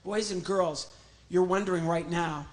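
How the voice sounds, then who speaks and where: A man's voice: sits high, fairly even intonation, measured pace. A man doing family stand-up comedy as a ventriloquist, chatty, playful and self-deprecating.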